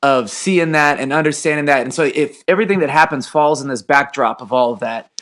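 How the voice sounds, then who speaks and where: Man in his thirties, podcast host, storyteller, voice a bit on the high side, casual chat. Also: brisk, fairly bright tone. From Texas. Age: 30s. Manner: storytelling, acts out dialogue, laughs while telling. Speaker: podcast host and high school football coach.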